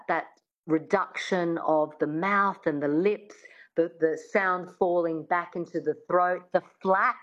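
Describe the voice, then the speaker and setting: A woman's voice: lowish voice, lo-fi sound. A woman dialect coach explaining accent work in an interview, chatty with many restarts. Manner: chatty, lots of fillers and restarts.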